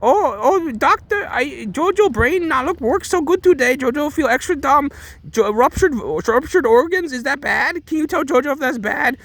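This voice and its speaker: A man doing a squeaky dim-witted young woman. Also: expressive, normal speed, fairly bright tone, no echo, heavily acted. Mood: mocking. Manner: broken baby-talk grammar, squealing high.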